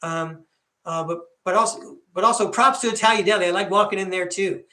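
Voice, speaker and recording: A man in his fifties hosting a podcast, telling rambling, animated stories in a casual monologue. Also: sits high, a little fast, reverberant. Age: 50s. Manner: chatty, rambling, animated storyteller. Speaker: podcast host.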